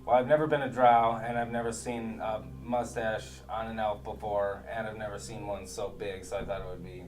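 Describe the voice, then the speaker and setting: A man's voice: fairly low pitch, little pitch movement, moderate pace, faint music behind, low-quality recording. A man playing a tabletop game, chatting in an offhand, joking way. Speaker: player. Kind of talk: casual tabletop game chat.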